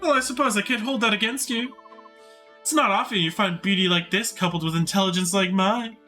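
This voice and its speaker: Vain female mage for a game let's-play , a man voicing her: bright, high and haughty. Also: a little fast, soft background music. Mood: vain flirty. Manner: haughty, preening, teasing.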